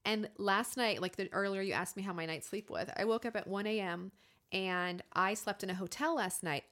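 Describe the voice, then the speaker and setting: A woman in her thirties hosting a podcast, talking openly and animatedly about her own life and acting out her inner voices. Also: on the low side. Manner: open, animated, confessional storytelling with acted inner voices. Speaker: podcast host. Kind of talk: candid conversational podcast talk.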